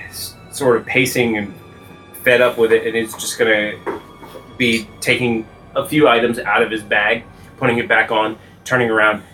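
Bright-voiced man playing a tabletop game. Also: lowish voice, low-quality recording. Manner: explains his character's actions in detail. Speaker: player. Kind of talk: tabletop role-play chat.

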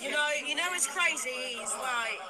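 A woman's voice: sits high, normal speed, pitched above the performer's own voice, lightly acted. A woman putting on a goofy Australian accent while tipsy at a party, played back from an old phone video. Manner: goofy, exaggerated party banter. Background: loud party crowd.

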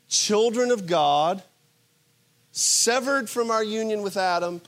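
A man with a high-pitched voice preaches a sermon, pressing his point with rhetorical questions. He swings from loud, emphatic bursts to hushed, quiet asides. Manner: asks the audience rhetorical questions. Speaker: pastor.

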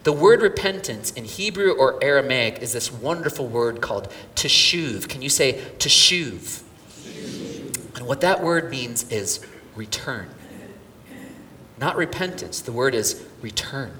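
A middle-aged pastor preaching slowly, his voice rising and falling widely as he tells a story. He drops to hushed near-whispers and swells to loud cries. He is picked up from a distance in a large, reverberant hall with faint background noise. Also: medium pitch, animated. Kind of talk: sermon.

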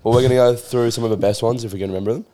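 A man's voice: mid-range voice, steady tone, rapid-fire, mellow. Young male co-host, brash banter, heavy swearing. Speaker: podcast co-host. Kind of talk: casual chat.

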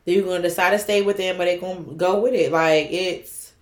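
A young woman co-hosting a casual podcast, animated and rambling in quick bursts. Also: on the low side. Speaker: podcast co-host. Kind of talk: casual chat. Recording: echoey room with faint noise.

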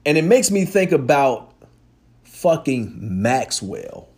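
A man's voice: mid-range voice, slow pace. A man hosting a podcast, talking in a casual, profane and emphatic monologue. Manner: animated, profane, emphatic storytelling. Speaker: podcast host.

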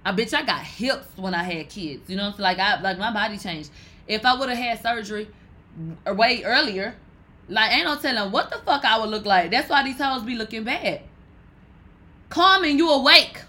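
Bright-voiced, blunt, profane woman host. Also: medium pitch, a little fast, rough recording. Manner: blunt, profane, loud and animated. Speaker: podcast host. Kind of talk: casual gossip commentary.

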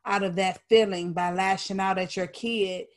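A middle-aged woman co-hosting a casual parenting chat, telling animated stories about her family and laughing often. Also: mid-range voice, normal speed.

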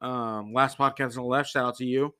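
A man's voice: mid-range voice, steady tone, brisk, sharp tone, smooth. A man hosting his own podcast, chatting loosely and rambling a bit, with many fillers and restarts. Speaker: podcast host. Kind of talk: casual solo podcast chat.

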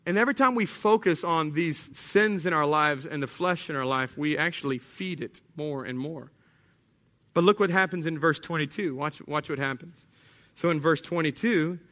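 Guy preaching, chatty and animated, bright slightly high voice. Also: moderate pace. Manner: conversational, animated, acts out little scenes. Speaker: pastor. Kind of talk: sermon.

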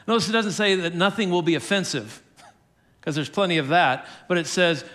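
A man's voice: high-pitched, moderate pace, a bit bright. An older man preaching a sermon as pastor, candid and self-deprecating, often chuckling at himself.

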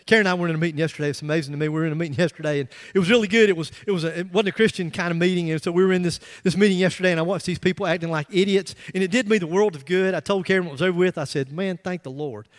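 A middle-aged man preaching a sermon in a church, telling a story with animated emphasis and frequent restarts. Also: sits high, very fast, few pauses. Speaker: pastor. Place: church sanctuary. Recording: long reverb of a large hall.

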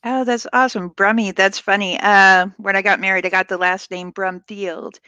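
A woman's voice: medium pitch, steady tone, moderate pace, pushed and bright, clear, resonant tone, no room sound, dull audio. A woman hosting a casual online interview show, chatty and upbeat, on a video call from home. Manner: chatty, upbeat, laughs easily. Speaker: host. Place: home, filmed live online.

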